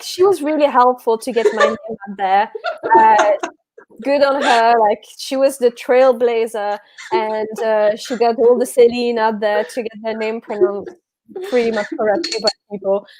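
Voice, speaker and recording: A woman from France with a French accent, guesting on a livestream, chatting in a lively, storytelling way with frequent restarts. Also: fairly high pitch, dry recording. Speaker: guest author. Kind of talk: casual chat on a livestream.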